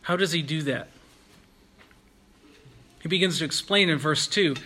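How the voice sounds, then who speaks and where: A man preaching a sermon in an earnest, measured way, slowing down and pausing to stress key phrases. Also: on the high side, bright, forceful tone. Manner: earnest, measured preaching with slow emphatic pauses. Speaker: pastor.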